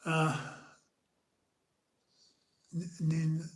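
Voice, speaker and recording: A young man from the UK, streaming an emotional personal monologue, halting and repeating his words as he talks. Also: a little high, completely flat delivery, slightly rough.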